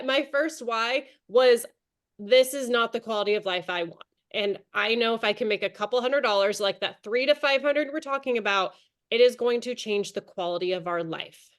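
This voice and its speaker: A woman's voice: fairly high pitch, a bit bright. Upbeat chatty woman leading a training call. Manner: chatty and encouraging, talks to attendees by name. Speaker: direct sales team leader.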